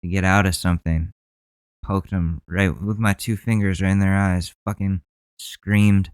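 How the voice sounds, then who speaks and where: Man, podcast host, heated profane rant, smooth resonant voice, dry sound. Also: low voice, flat delivery, a little slow, dry recording. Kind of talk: podcast commentary.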